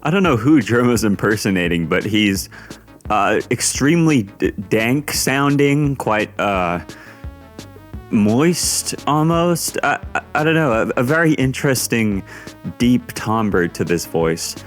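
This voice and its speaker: A man doing voice-over commentary on stream clips, halting and stumbling over his words. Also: mid-range voice, very animated. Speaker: video commentator. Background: faint background music.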